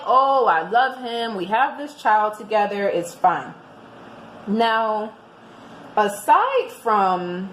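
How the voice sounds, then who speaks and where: Woman, casual book-review vlogger, chatty, a bit high and very animated, recorded in an echoey room. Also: slight background noise. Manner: chatty and expressive, restarts often. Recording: roomy echoing room.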